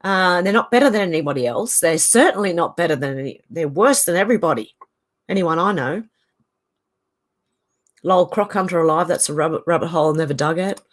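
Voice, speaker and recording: A woman's voice: lowish voice, lively intonation, fairly quick. A middle-aged Australian woman hosting a casual livestream, reading viewer comments aloud in a chatty, opinionated way. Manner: chatty and opinionated, laughs often. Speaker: channel host.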